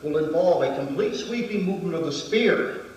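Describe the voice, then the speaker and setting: Heard from a distant mic in a very echoey hall, a martial arts instructor methodically counts through each movement of a weapons demonstration. His slightly high, a little mellow voice has lively intonation and a moderate pace, with slight background noise.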